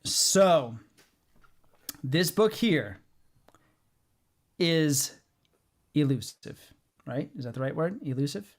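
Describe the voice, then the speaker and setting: A man hosting a comics podcast who lays out his views firmly. His voice sits a little high for a man. He fills his pauses with ums and uhs as he goes. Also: lively intonation. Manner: assertive, explains at length with fillers. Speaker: podcast host. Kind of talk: casual chat.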